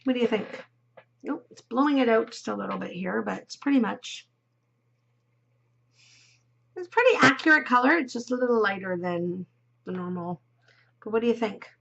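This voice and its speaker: A woman chats as she knits, her voice fairly high with a gravelly fry. She rambles and giggles, yawning now and then. The recording sounds dull and lo-fi. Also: moderate pace, pauses often, a bit bright. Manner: chatty, rambling, giggly, drops into murmurs. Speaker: knitting podcast host. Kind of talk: casual chat while knitting.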